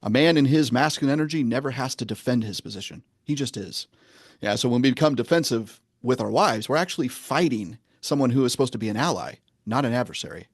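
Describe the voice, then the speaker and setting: Measured, earnest male coach, dry sound. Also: mid-range voice, expressive, no room sound. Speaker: men's coach and guest. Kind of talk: podcast interview, teaching.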